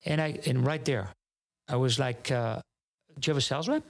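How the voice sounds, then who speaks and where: A man from France with a French accent, a native French speaker, telling a story as a podcast guest in a lively way that acts out both sides of each conversation and often restarts his sentences. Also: medium pitch, brisk. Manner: animated, acts out dialogue, frequent restarts. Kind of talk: casual storytelling.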